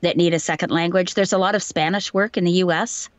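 A woman's voice: on the low side, steady tone, quick pace, no echo, lo-fi sound. Chatty woman voice actor, dry sound. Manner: chatty, laughs easily, tells anecdotes. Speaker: voice actor guest. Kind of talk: casual interview chat.

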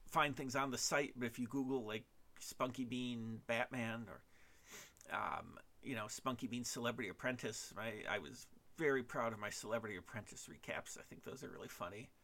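A man talks through a solo podcast monologue in a gravelly, bright-edged voice. He is hesitant and halting, restarting his sentences often and running himself down as he goes. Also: mid-range voice. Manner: self-deprecating. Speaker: podcast host.

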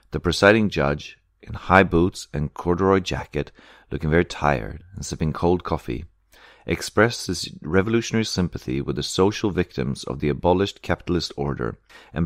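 A man reading a first-person memoir aloud as an audiobook, measured and steady. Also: low-pitched, no room sound, studio quality. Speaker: reader. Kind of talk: audiobook narration.

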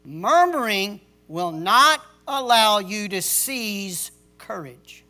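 A man's voice: high voice, expressive, slow pace, bright, forceful tone. A male pastor preaching a sermon in a stern, emphatic way, repeating key words for stress like a drill sergeant. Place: church service.

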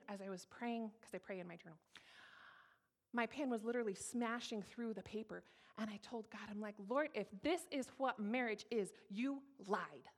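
A woman in her thirties from Colorado, giving a candid, emphatic personal testimony to an audience and repeating her key phrases. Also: fairly high pitch. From Colorado, USA. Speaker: speaker sharing her testimony.

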